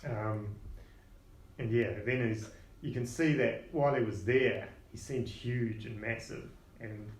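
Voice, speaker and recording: A man's voice: medium pitch, unhurried. A man narrating a tabletop game as game master, in a loose, casual way. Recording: roomy echo.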